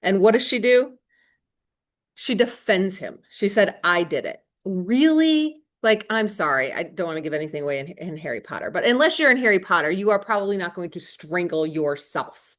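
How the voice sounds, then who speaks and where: A woman's voice: on the low side, lively intonation, normal speed. A woman teacher explaining a play in a chatty, emphatic way with slangy asides and rhetorical questions. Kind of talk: casual classroom explanation.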